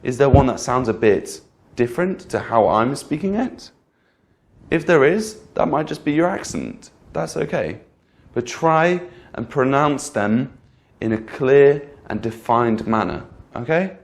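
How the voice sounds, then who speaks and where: A man teaching English pronunciation in a clear, patient lesson, repeating example words and checking in with the learner. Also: medium pitch, lively intonation, unhurried. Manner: patient, repeats each example word twice; addresses the learner directly with frequent "okay?". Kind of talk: slow, clear instructional lesson.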